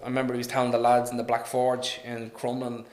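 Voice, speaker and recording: A man with a Dublin accent, a podcast guest telling stories in a casual, animated way, laughing and swearing often. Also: mid-range voice, quick pace. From Ireland. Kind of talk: casual storytelling. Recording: roomy echo.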